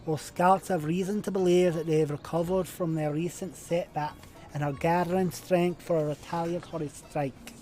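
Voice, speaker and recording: A man voicing a scheming woman lieutenant in a video game, in a put-on rough sailor accent that drifts. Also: fairly high pitch, mellow, lightly acted. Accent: put-on rough sailor accent, shifting.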